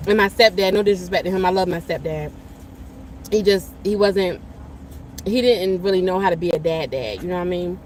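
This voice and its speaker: A woman's voice: lowish voice, a little fast, a little hiss or hum. Chatty woman live-streaming outdoors on a phone. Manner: laid-back and chatty, laughs often, slangy; talks while eating. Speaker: livestream host. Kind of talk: casual live-stream chat, reading viewer comments. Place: outdoors while walking.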